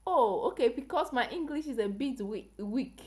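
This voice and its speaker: A woman's voice: a little high, lively intonation, moderate pace, darkish tone, faint music behind. A woman from Africa hosting a casual health livestream, chatting with viewers and asking them questions. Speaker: health channel livestream host.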